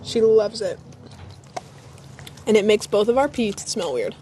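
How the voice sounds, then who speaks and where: A woman's voice: mid-range voice, expressive, measured pace, dark tone, a little hiss or hum. Woman, casual live-stream chat, phone mic, faint background ambience. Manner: chatty, rambling, talks to her dog and chat. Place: home, outdoors by a grill.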